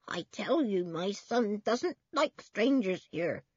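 A woman's voice: mid-range voice, animated, breathy edge, no room sound, muffled recording. A woman voicing a mumbling, witch-like old woman who is frightened and tearful, in a storybook reading. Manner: slow, mumbling, wailing.

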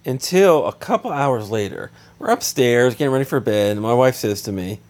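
A man in his thirties tells a casual anecdote with mounting exasperation. He talks at a middling pitch, jumps higher when he gets worked up, and slips into quick joking asides. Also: animated, darkish tone. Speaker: storyteller.

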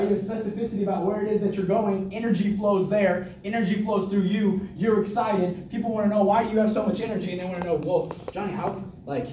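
A man giving an energetic motivational talk to a group, hyped and repetitive, laughing often. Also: sits high, background noise. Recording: echoey room, mic from a distance.

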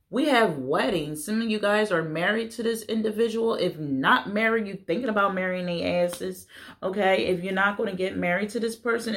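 A woman doing a casual tarot reading, talking blunt and playful and swearing now and then. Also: mid-range voice. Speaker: tarot reader.

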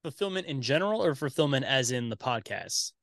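A man's voice: mid-range voice, big pitch swings, brisk, creaky, fairly bright tone, no room sound. Guy rambling on a podcast, swears a ton, says dude a lot, dry close sound. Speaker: podcast guest, host of his own show. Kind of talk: casual podcast chat.

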